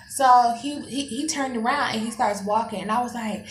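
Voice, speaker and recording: A young woman vlogger telling a dramatic story in a casual, profane, animated way. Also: on the high side, moderate pace, few pauses, reverberant, slight background noise.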